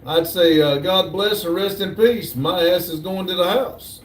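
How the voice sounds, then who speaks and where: A man hosting a casual livestream, slowly reading viewer comments aloud in a drawl. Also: high-pitched. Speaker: livestream host reading chat. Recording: echoey room, distant mic.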